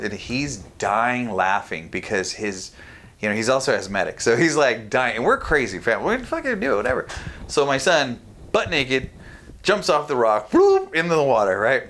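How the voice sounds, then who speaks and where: A middle-aged man from California telling stories in a casual podcast chat, animated and swearing freely. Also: mid-range voice. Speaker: podcast guest.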